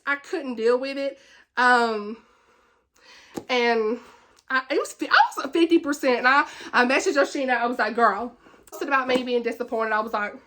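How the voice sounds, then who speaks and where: A woman with a high, bright voice talks through a casual book wrap-up vlog. She rants with animation, laughs often, and keeps chatting with plenty of "like" and restarts. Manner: chatty, with many fillers and repeats. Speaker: book reviewer, channel host.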